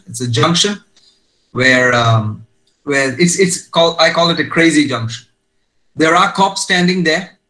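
A man's voice: a little high, fairly bright tone, low-quality recording. A man preaching a sermon as pastor, emphatic and storytelling, with rising exclamations.

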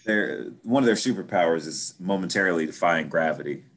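A man chatting casually about a cartoon, animated and quick to chime in with agreement. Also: low voice. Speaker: podcast co-host. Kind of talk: casual chat.

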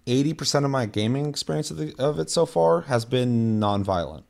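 On a podcast, a young man rambles casually through profane stories packed with filler words. He sounds animated and brisk, with a medium pitch and a creaky, darkish tone.

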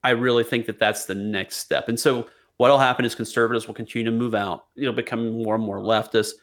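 A man's voice: mid-range voice, fairly even intonation, a little fast, a bit bright. A man co-hosting a podcast, ranting casually with lots of swearing, jokes and restarts. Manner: profane, joking, rambling with restarts. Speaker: podcast co-host. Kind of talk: casual political chat.

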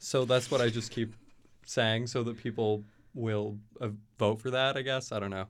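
A man's voice: mid-range voice, steady tone, normal speed, a little hiss or hum. A young man from Kentucky, a college student guest, telling stories in a casual interview with lots of fillers. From Kentucky, USA. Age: young adult. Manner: chatty, storytelling, many fillers.

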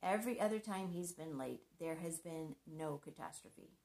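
A middle-aged woman giving a scripted devotional talk on marriage, earnest and conversational with gentle humor. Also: low-pitched, animated, normal speed, gravelly. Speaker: Christian marriage speaker.

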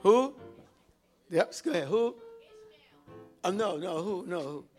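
A man's voice: high-pitched, expressive, slow, a little mellow, soft background music. A man preaching a sermon, reading scripture and calling out to the congregation for responses. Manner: exhorting, calls out to the congregation.

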